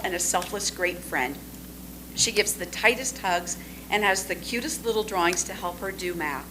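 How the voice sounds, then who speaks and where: A woman presenting a student award at a school board meeting, reading teachers' tributes with warm, gushing praise. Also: medium pitch, background noise. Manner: warm and gushing, trails off to a hush when aside.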